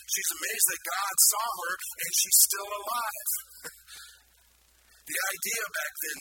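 A man preaching a sermon in an animated way, putting questions to the congregation. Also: high-pitched, low-quality recording. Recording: loud background noise.

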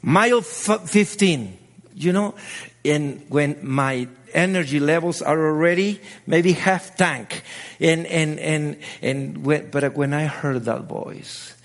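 Impassioned high-voiced pastor, native Spanish speaker. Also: male voice, sing-song, slow pace, creaky. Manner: impassioned, repeats phrases, builds to exhortation. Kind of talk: sermon.

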